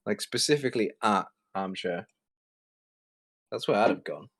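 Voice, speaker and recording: A man hosting a commentary video, ranting sarcastically with lots of swearing and sudden jumps in pitch. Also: moderate pace, breathy edge. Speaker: commentary host.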